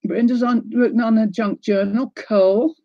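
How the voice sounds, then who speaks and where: A woman's voice: on the high side, steady tone, moderate pace, no room sound. Older kiwi lady chatting on her craft stream, says hi to viewers, laughs a lot, dry dull-sounding mic. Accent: New Zealand. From New Zealand. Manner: chatty, greets viewers by name, laughs often. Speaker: craft livestream host. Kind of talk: casual livestream chat.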